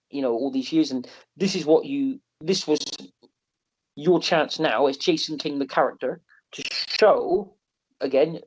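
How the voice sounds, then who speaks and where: A man telling animated, self-mocking stories on a podcast, often restarting and laughing. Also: a little high. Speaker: wrestler and wrestling promotion owner. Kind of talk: podcast interview storytelling. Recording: slightly muffled podcast audio.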